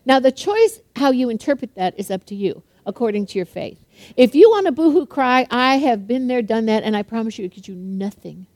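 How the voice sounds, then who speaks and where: Fast-talking older woman preacher, high voice. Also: animated, darkish tone, no room sound. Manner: fast-talking, chatty and humorous, laughs often. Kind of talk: sermon.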